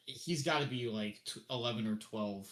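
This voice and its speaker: A young man co-hosting a podcast, telling a story in an animated way, acting out the quoted voices and laughing often. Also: medium pitch. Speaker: podcast co-host. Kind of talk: casual storytelling chat.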